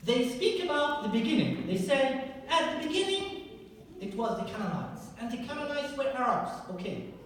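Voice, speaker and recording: A man's voice: very high-pitched, normal speed. A man delivers a history lecture to a live audience and keeps asking them direct questions. His voice carries from far off the mic through a big, echoing hall with long reverb, and faint noise sits underneath. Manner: lively and engaging, asks the audience direct questions. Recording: echoey hall recorded from far off.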